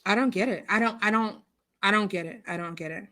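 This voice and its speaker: A woman's voice: medium pitch, fairly quick, sharp tone. A woman hosting a casual livestream, reading viewer comments aloud and reacting to them in an outspoken, indignant way. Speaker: livestream host reading chat. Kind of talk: casual live chat. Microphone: computer mic on a streaming call.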